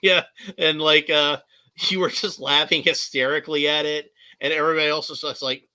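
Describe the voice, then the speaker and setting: Laughing, rambling man with a bright voice. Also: a little high, steady tone, fairly quick, dry recording. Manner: rambling, laughs often, many fillers and restarts. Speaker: guest, artist and toy collector. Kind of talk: casual chat.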